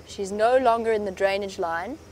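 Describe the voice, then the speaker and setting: A woman's voice: mid-range voice, moderate pace, a little hiss or hum. A woman safari guide giving chatty live commentary from an open vehicle in the bush. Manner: chatty and hopeful, hushed when near animals.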